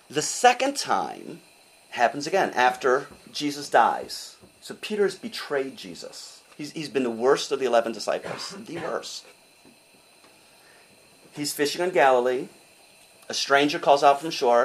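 An older man preaching a sermon in an animated, conversational way, often asking his listeners questions. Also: fairly high pitch, a little slow, rough recording.

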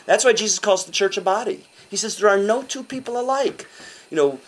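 A man's voice: high voice, brisk, poor audio. Older guy preaching, voice swoops up and down a lot, chatty and fired up. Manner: animated, conversational preaching with rhetorical questions. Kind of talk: sermon.

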